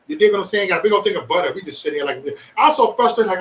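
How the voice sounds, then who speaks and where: A man's voice: high-pitched, rapid-fire, hardly any pauses, far from the mic, slight background noise, poor audio. A man hosting a casual livestream, chatting loosely and profanely with his viewers. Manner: loose, profane, animated banter with chat. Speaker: livestream host.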